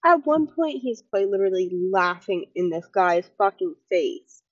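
Slow-talking animated woman podcaster. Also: medium pitch, no echo, dull audio. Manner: animated, mimics others in quotes, laughs often. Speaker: podcast host. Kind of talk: casual chat recapping an interview.

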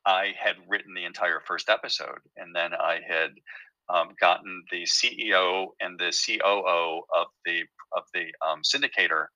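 A man's voice: deep voice, sharp tone, no room sound, rough recording. A man who creates and writes a TV show, telling his story in a casual interview with many fillers and restarts.

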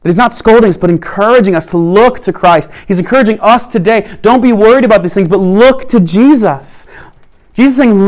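A man preaching a sermon in an earnest way, slowing down to stress key points. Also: high-pitched, a little mellow. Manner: earnest preaching, slows down for emphasis. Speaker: pastor.

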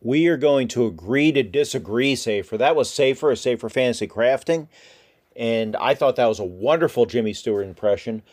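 A man's voice: mid-range voice, normal speed, darkish tone. A man hosting a podcast, talking casually and rambling a little, with frequent restarts. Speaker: podcast host.

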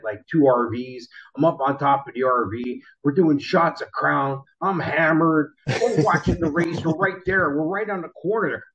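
Animated, swearing man chatting. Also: mid-range voice. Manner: animated storyteller, swears casually. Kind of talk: casual chat. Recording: slightly dull lo-fi sound.

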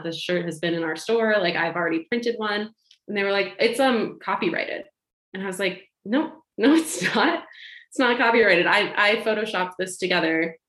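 A woman telling a long personal anecdote in casual chat, animated, laughing and acting out what others said. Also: fairly low pitch. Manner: animated, laughing, acts out quoted lines. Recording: roomy echo.

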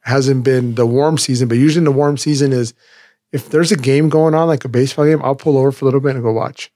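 A man's voice: mid-range voice, fairly even intonation, fast, dark tone, dry recording, studio quality. A middle-aged man in casual chat, rambling and restarting his sentences as he tells stories.

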